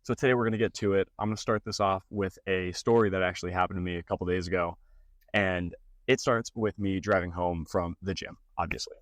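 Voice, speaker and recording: A young fitness and gaming content creator gives casual talking-head advice, telling stories animatedly and putting on mocking voices. He speaks briskly in a deep voice, with no room sound.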